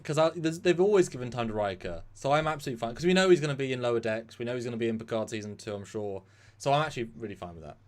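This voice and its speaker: A man co-hosting a casual live-stream chat, animated and rambling with sarcastic asides. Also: mid-range voice, very fast. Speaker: co-host.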